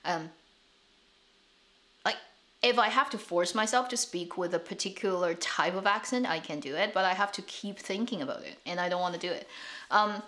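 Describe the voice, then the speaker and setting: A woman's voice: on the low side, moderate pace, bright, forceful tone. A woman whose first language is Chinese, speaking English with a North American accent, chatting casually to camera as a drama channel host, rambling with restarts and light laughs.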